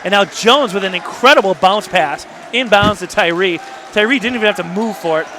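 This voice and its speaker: A high-pitched man calls a high school basketball game, rapid and excitable, with homespun asides between plays. A loud gym crowd roars behind him and the recording carries a clear layer of noise. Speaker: play-by-play announcer. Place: school gymnasium.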